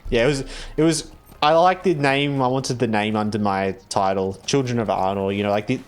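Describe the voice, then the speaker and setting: A man's voice: medium pitch, fairly quick, smooth. A man streaming a game, chatting casually in a rambling way, full of fillers and restarts. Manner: rambling, filler-heavy, self-correcting. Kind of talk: casual live-stream chat while playing.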